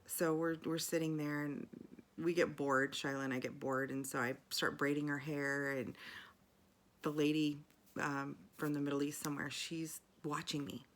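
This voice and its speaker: A woman's voice: low voice, level tone, moderate pace. A middle-aged woman in a casual video journal, telling a personal story in a chatty, rambling way full of fillers and restarts.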